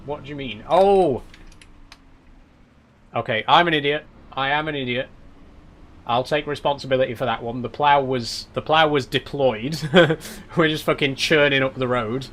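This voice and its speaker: A man's voice: medium pitch, fairly even intonation, normal speed, a bit bright. A young man with a South Yorkshire accent chatting on a game live stream, reading chat aloud, laughing often and swearing casually. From South Yorkshire, England.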